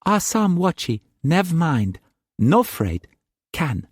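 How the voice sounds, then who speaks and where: A man's voice: a little high, sing-song, slow, no room sound, clean studio sound, pitched above the performer's own voice, full character voice. A man voicing a timid, loyal female servant with clipped, pidgin-like speech in an audiobook. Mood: soothing.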